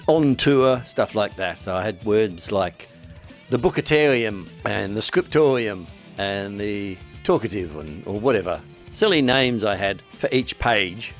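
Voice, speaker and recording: A man, an author, rambling casually about his plans, with wry, self-deprecating asides. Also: on the low side. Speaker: author promoting his book. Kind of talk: casual vlog monologue.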